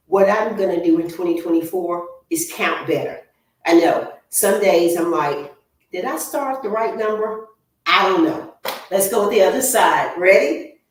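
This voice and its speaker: Slow-talking woman coaching a workout, echoey. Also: lowish voice. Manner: counts reps aloud, encouraging and coaching. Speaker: fitness instructor. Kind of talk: guided workout instruction. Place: home exercise room. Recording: echoey room, voice from far off.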